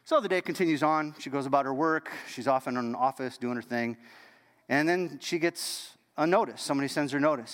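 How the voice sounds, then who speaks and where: A man preaching a storytelling sermon as pastor, animated and dropping to a hush at key moments. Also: mid-range voice, fairly quick, long reverb tail.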